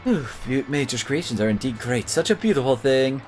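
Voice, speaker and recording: Man doing a loud showy carnival barker. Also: mid-range voice, sing-song, a little fast, a little hiss or hum, natural voice. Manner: theatrical, hawking.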